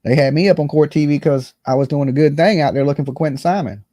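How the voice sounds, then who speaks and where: A man's voice: on the high side, quick pace, warm tone, no echo, clean studio sound. A man co-hosting a casual commentary show, blunt and exasperated, cursing often. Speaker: co-host.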